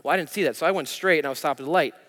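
A man's voice: a little high, racing, a bit bright. A man preaching a sermon as pastor, telling a self-deprecating story from his own life. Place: church. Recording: church hall reverb.

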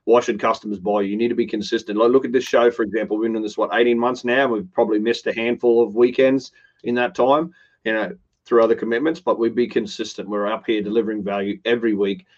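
A man's voice: lowish voice, steady tone, fast talker, highs cut off. A man co-hosting a business show, talking earnestly and often restarting his phrases. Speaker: co-host. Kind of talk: business podcast chat.

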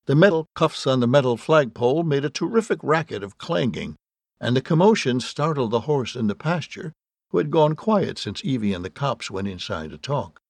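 Male audiobook narrator, wry deadpan, gravelly, husky, lively pitch, dry close sound. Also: moderate pace, dry recording. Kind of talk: scripted narration.

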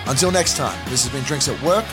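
A man hosting a podcast, wrapping up an interview with quick, friendly thanks. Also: mid-range voice, animated. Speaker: podcast host. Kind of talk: interview and outro. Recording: music bed behind voice.

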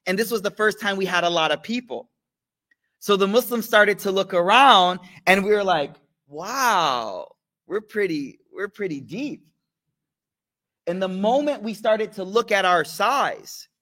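Teaching a live study circle, a man gives an informal sermon in a high-pitched, fairly bright voice. He speaks in slang, quizzes his listeners and mixes in religious recitations.

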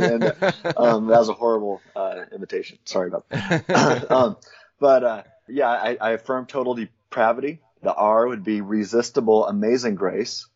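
A man's voice: lowish voice, a little mellow, breathy edge. A man, a guest in a casual interview, explaining theology in a thoughtful way and laughing lightly between points. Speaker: guest, Christian philosopher. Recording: dull lo-fi audio.

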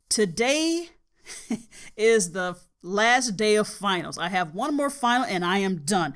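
A woman in middle age with a slightly high voice talks straight to her listeners in a podcast monologue. She tells stories from her own life plainly and with dry wit. Her speech carries no regional accent. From US South. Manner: frank, storytelling, dryly humorous. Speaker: podcast host and college biology teacher.

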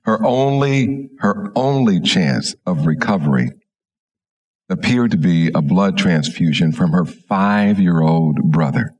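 A middle-aged man, a minister, telling a story slowly and gently in a sermon. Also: sits low, lively intonation, lo-fi sound.

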